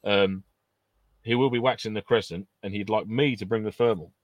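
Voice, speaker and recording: A man's voice: lowish voice, steady tone, moderate pace, dry recording, dull audio. A man co-hosting a podcast, chatting casually, swearing and joking often. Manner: sweary, jokey, laughs often. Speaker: podcast co-host. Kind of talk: casual banter.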